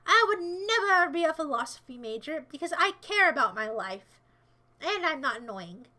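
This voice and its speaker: Her high-pitched voice swings widely in pitch at a moderate pace as this woman livestreamer responds to chat, teasing and jokingly defending herself in a rambling, casual manner. She breaks out into shouted mock-villain orders.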